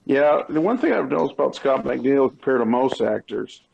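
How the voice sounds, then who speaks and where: Husky, gravelly male co-host. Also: mid-range voice, very animated. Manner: jokey, quick to laugh. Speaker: podcast co-host. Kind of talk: casual podcast chat. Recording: muffled lo-fi audio.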